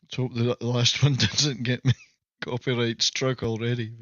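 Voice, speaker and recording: A man's voice: mid-range voice, little pitch movement, moderate pace, fairly bright tone, no room sound. A Scottish man hosting a casual livestream, rambling through stories with self-mocking jokes. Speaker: livestream host. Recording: slightly muffled, dry audio.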